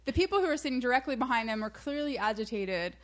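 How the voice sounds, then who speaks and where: A woman's voice: fairly high pitch, quick pace. A woman co-hosting a podcast, chatting casually and telling a story with frequent laughs. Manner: animated storyteller, laughs often. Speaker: podcast co-host. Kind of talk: casual chat.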